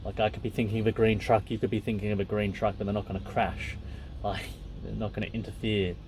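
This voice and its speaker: A man reading passages from a text aloud and pausing to muse on them in a loose, casual way, with fillers and asides. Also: lowish voice, little pitch movement, background noise. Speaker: podcast host.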